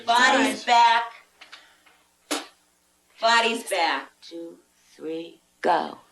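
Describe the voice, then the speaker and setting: A woman counselor calmly instructing a group of students through an exercise. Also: mid-range voice, very slow, creaky, noisy background.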